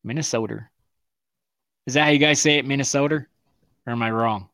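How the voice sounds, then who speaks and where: A man's voice: mid-range voice, fairly even intonation, racing, sharp tone, clear, resonant tone. A man co-hosting a podcast, chatting casually in a blunt, heavily profane way. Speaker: podcast co-host. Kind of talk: casual chat.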